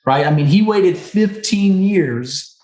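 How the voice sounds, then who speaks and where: A man's voice: high voice, animated, takes it slowly, darkish tone. A man in his thirties, a podcast guest telling a personal story in an earnest, emotional way, often checking in with "right?" and "okay?". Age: 30s. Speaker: podcast guest, recovery center co-owner. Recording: roomy echo on the voice.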